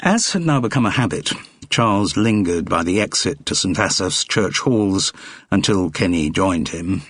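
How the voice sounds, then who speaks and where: Husky deep male audiobook narrator. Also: lively intonation, normal speed, a bit bright, no room sound, clean studio sound. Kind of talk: scripted narration.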